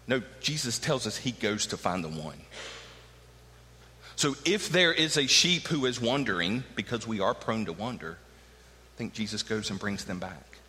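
A man's voice: lowish voice, expressive, moderate pace, bright, forceful tone. A middle-aged man preaching a sermon with emphatic rhetorical questions. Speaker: pastor. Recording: long hall reverb.

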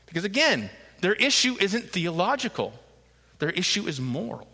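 A man's voice: high-pitched, moderate pace. A man preaching a sermon as pastor, conversational with joking asides, growing emphatic as he explains the passage. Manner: rises into emphatic, animated delivery when voicing the crowd. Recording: reverberant hall.

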